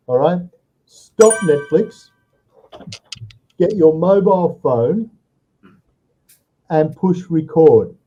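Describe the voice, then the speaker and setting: A man's voice: fairly high pitch, animated, drawn-out words, long pauses, mellow, lo-fi sound, soft background music. A man tutoring a student over a video call, giving step-by-step advice and checking in with "all right" often. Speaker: online English tutor.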